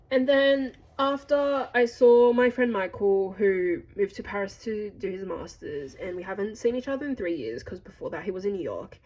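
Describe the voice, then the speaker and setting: A woman's voice: medium pitch, darkish tone, husky, poor audio. A young woman from Australia narrating a casual travel vlog, chatty and jokey, talking straight to her viewers. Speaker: vlogger.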